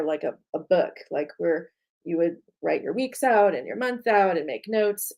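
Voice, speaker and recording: A woman's voice: fairly low pitch, mellow. A middle-aged woman artist chatting casually about her painting plans, heartfelt and tired, with many fillers. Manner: heartfelt, rambling with frequent fillers. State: tired and emotional. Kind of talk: casual chat to camera.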